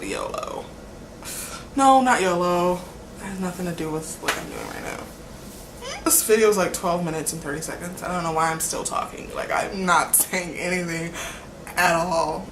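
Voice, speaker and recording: A woman's voice: lowish voice, background noise. A young woman rambling casually in a vlog, filling nearly every phrase with "like" and laughing between sentences. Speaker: vlogger.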